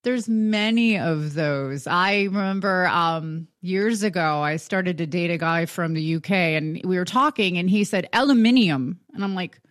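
A woman's voice: on the low side, a little slow, few pauses, fairly bright tone, dry recording, studio quality. A woman with a Buffalo, New York accent, co-hosting a radio show in casual on-air banter. She talks in a chatty, playful way and acts out the exchanges she tells about.

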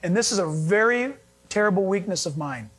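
A male pastor preaching a sermon, animated and acting out little scenes with humor. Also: sits high, fairly quick, husky.

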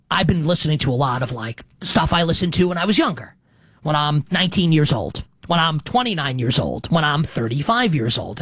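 A man's voice: sits high, fairly bright tone, dry recording. A middle-aged man hosting a sports betting show, talking in a rambling, self-correcting, conversational way. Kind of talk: casual sports talk monologue.

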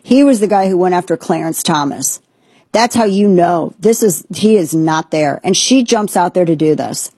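A woman's voice: on the low side, expressive, normal speed, mellow, breathy edge, no echo. A woman hosting a political commentary show, talking in an indignant, sarcastic, emphatic way. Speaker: host.

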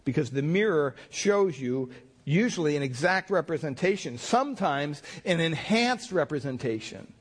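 A man's voice: fairly high pitch, expressive, normal speed. A man pastor preaching a sermon in a folksy, storytelling way, acting out the people in his anecdotes. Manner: folksy storytelling with many restarts and voiced quotes.

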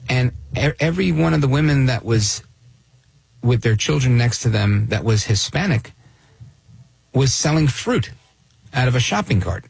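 A man's voice: medium pitch, lively intonation, moderate pace, gravelly, long pauses, slightly rough, no echo. A man hosting a talk radio show, delivering an opinionated, sardonic monologue and reacting to clips he plays.

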